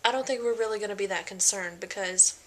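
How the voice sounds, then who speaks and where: A woman's voice: medium pitch, fast talker, fairly bright tone. A young woman talking casually in a pregnancy vlog, chatty and full of fillers, often acting out what people said. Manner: chatty, many fillers and quoted voices. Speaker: vlogger.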